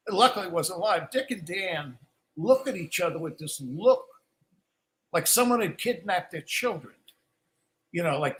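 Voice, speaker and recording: An older man tells stories in a loose, rambling way during a live Q&A, doubling back and restarting his sentences. His voice is high for a man and sharply bright. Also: rough recording. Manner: rambling, restarts often, acts out quoted lines. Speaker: guest musician. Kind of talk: casual storytelling in a live Q&A.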